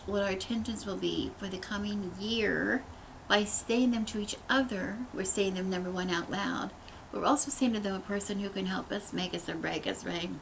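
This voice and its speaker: A woman's voice: medium pitch, creaky, a little hiss or hum, poor audio. A middle-aged woman giving a casual, earnest spiritual talk, rambling with many restarts. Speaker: host.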